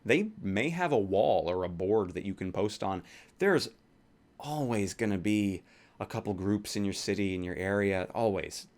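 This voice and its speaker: Young guy chatting thru a q&a vlog, kinda low voice, rambly and swears a bit. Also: animated, moderate pace, darkish tone. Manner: rambling, offhand, swears casually. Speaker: YouTuber answering viewer questions. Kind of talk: casual Q&A vlog.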